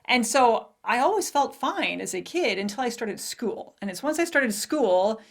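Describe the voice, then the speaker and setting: A woman's voice: fairly high pitch, expressive, normal speed, vocal fry. A woman in her forties hosting a podcast, telling a personal story candidly, with laughs and acted-out quotes. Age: 40s. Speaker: podcast host. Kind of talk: personal monologue.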